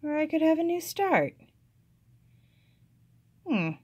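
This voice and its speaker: A woman talks casually to her viewers in a hobby vlog. She is chatty and self-deprecating. Her voice sits a little high. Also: big pitch swings, slow, darkish tone. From United States. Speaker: cross-stitch vlogger.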